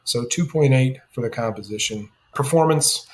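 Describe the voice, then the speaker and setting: A man's voice: medium pitch, moderate pace. A man co-hosting a music review show, reading scores with announcer-like patter and jokey asides. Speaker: co-host reviewing songs. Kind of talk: scripted podcast review.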